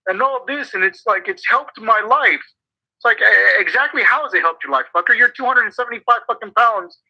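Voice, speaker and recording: Guy on a podcast swearing a lot, really bright tense voice, a bit husky, keeps repeating himself. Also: high-pitched, rough recording. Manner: profane, emphatic, stumbles and repeats words. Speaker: podcast co-host. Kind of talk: casual motivational chat.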